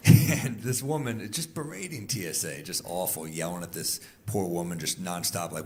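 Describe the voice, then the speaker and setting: Male stand-up, thirties, lowish voice, dry deadpan delivery, noisy club recording. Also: normal speed. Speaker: stand-up comedian. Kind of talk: stand-up set.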